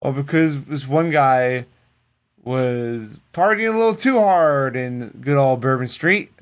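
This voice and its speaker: A man co-hosting a casual podcast, retelling wrestling in a loose, profane, animated way. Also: medium pitch, slow. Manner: animated, profane storytelling that acts out the people it quotes. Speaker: podcast co-host recapping wrestling. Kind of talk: casual chat.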